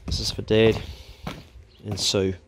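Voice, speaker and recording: A man with a New Zealand accent chats in an easygoing, slangy way while he films himself on a rural property. He holds a phone up close, so the sound is a bit rough. There is a faint hiss of wind and outdoor air behind him. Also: on the low side, little pitch movement, slow pace. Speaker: outdoor food vlogger. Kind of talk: casual chat. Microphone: handheld phone.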